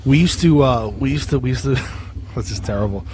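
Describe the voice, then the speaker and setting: A man's voice: mid-range voice, brisk, a little mellow, slight background noise. A man co-hosting a casual chat, telling old neighborhood stories with plenty of laughter. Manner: laughing storyteller, acts out crank calls. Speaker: co-host.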